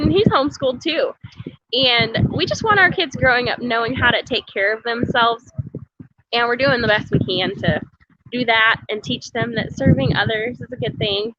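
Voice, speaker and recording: A chatty woman livestreaming from a meal kitchen, reading comments aloud and rambling with frequent laughter. Her voice sits a bit high and comes across bright and forward. The stream audio is dull and lo-fi. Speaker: homesteading vlogger on a livestream.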